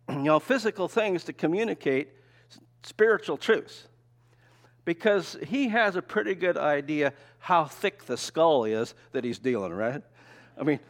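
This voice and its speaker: Older male preacher, folksy and conversational, keeps throwing rhetorical questions at the room. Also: on the high side. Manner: folksy, tells personal stories. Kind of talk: sermon with slides.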